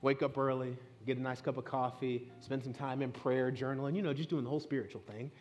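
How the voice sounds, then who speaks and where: A man's voice: mid-range voice, fairly even intonation, fast talker, darkish tone, highs cut off, soft background music. Earnest man preaching a sermon. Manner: earnest, conversational preaching with personal stories. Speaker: pastor. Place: church sanctuary.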